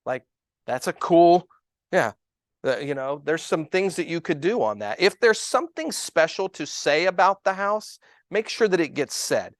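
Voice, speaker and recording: Male real estate coach, slightly high voice, dry close sound, animated storyteller. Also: normal speed, no room sound. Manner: animated, storytelling, acts out quoted dialogue. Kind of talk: coaching seminar talk.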